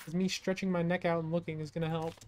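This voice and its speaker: A woman's voice: lowish voice, flat delivery, fast, darkish tone, a little hiss or hum. Joking woman streamer chatting over gameplay. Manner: joking, chatty asides to game customers. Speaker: gaming streamer. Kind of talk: casual let's-play commentary.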